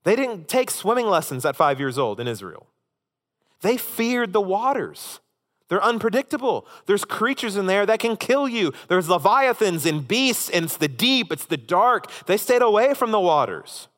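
A pastor preaching with animated, emphatic storytelling. His voice sits on the higher side for a man. A long reverb trails every phrase, as in a large hall. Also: normal speed. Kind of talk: sermon.

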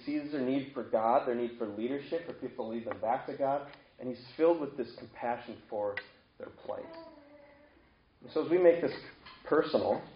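A man's voice: mid-range voice, a little hiss or hum. Conversational male pastor, echoey room. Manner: conversational preaching with rhetorical questions. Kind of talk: sermon. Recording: echoey room, dull lo-fi sound.

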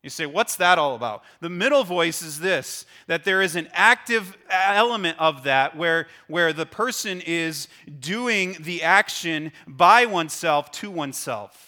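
Middle-aged guy preaching, bright tone, kinda high, earnest and teachy, repeats himself. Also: animated, a little slow, few pauses. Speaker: pastor. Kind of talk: sermon.

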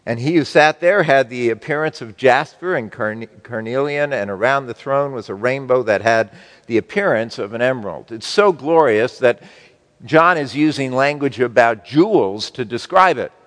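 A man preaching a sermon to his congregation, slow and emphatic, with wide swings between loud and soft. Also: medium pitch, expressive, big-room sound. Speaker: pastor.

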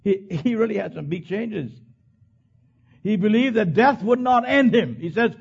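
A male pastor preaching a sermon, swinging from hushed low lines to loud high bursts. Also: very animated, moderate pace, gravelly, husky, muffled recording.

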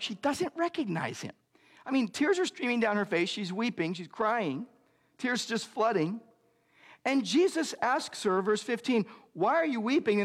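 High-voiced male pastor preaching in a reverberant hall. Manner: earnest preaching, shifting between slow emphatic lines and quick asides. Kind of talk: sermon.

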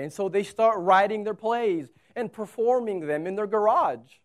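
A pastor preaching a sermon, swinging from loud urgency to hushed storytelling and asking listeners to imagine the scene. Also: mid-range voice, moderate pace, few pauses.

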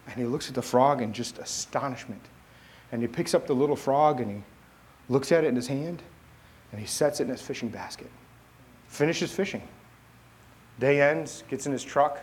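A pastor preaching to his congregation in a relaxed, conversational storytelling manner. His voice sits in an ordinary middle male range. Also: medium pitch, normal speed. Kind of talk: sermon.

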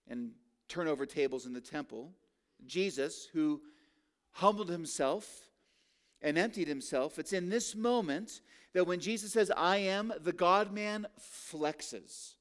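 A man's voice: a little high, takes it slowly. A man preaching a sermon, asking rhetorical questions and drawing out key words for emphasis. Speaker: pastor. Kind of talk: expository sermon.

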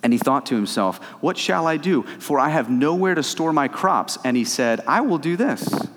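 A man's voice: medium pitch, lively intonation, moderate pace, fairly bright tone, in a large hall, slight background noise. A man preaching a sermon as pastor, conversational at times and rising to fervent emphasis.

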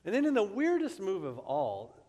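A man preaching a sermon as pastor, expressive and acting out the quotes he reads, recorded with long reverb in a large hall. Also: high-pitched, normal speed.

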